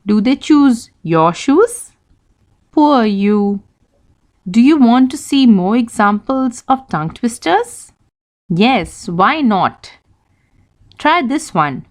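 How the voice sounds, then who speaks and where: A woman with a fairly high voice teaches young children, speaking slowly and clearly. Her pitch rises and falls a lot as she asks one question after another. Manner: slow, lively, questions to young pupils. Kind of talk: children's English lesson.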